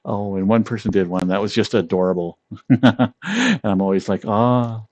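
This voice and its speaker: A man's voice: on the low side, animated, measured pace, darkish tone, dry recording. A man streaming casually from home, playful and giggling often as he chats.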